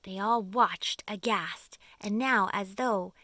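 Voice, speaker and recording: A woman's voice: medium pitch, slow pace, bright, forceful tone, no room sound. A woman reading a children's audiobook expressively, dropping to a whisper for suspense. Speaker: audiobook reader.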